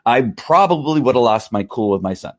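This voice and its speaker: A middle-aged man talking casually to camera in a testimonial vlog, animated and full of restarts and fillers. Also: mid-range voice, fairly quick. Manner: animated, acts out angry outbursts, many fillers and restarts. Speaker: vlogger selling wellness products.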